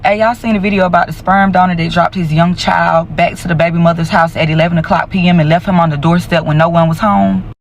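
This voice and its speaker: A blunt commentator who curses freely in casual slang. The voice is mid-pitched, with faint noise behind it. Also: level tone, fast talker. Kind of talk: commentary video.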